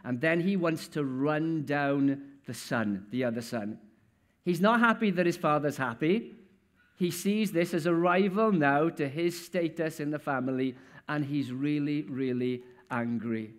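A male preacher gives a sermon in a church in an easy, conversational manner. He keeps asking his listeners questions, and his voice sits somewhat higher than most men's. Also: a little slow.

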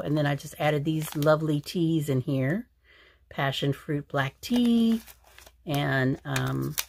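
A woman chatting casually as she shows her crafts, rambling with lots of fillers and restarts. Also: low voice. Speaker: crafting channel host. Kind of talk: casual craft show-and-tell.

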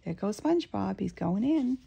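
A woman reading a picture book aloud to children, expressive and playful with asides. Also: medium pitch, normal speed, gravelly, a little hiss or hum. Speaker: storyteller.

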